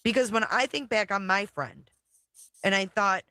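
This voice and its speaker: A woman's voice: medium pitch, moderate pace, sharp tone, no echo. A woman hosting a casual reaction stream, blunt, profane and exasperated as she comments. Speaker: livestream commentary host.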